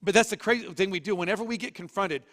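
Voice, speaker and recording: Lively storytelling pastor in a church hall. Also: male voice, high voice, rapid-fire. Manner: animated storytelling, jokey. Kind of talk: sermon. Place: church auditorium. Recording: long reverb of a church hall.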